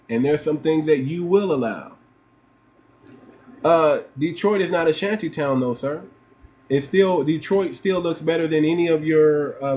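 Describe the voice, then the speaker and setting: A man from the United States hosts a livestream with a slightly higher-pitched voice. He hammers his points home, repeating lines and piling on rhetorical questions. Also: darkish tone. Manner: emphatic and repetitive, firing rhetorical questions. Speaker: livestream host. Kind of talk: livestream commentary.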